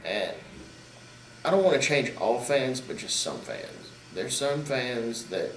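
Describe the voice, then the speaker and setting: Animated man, distant roomy mic. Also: mid-range voice, takes it slowly, slight background noise. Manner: animated, gets loud and excited in stories. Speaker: podcast guest, independent wrestler. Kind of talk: casual storytelling chat. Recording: roomy echo, distant mic, faint ambience.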